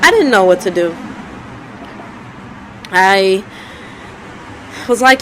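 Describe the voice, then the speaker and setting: A woman's voice: medium pitch, expressive, slow, long pauses, a bit bright, slight background noise, poor audio. A woman telling her life story in a candid, conversational way, often repeating herself. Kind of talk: personal storytelling vlog.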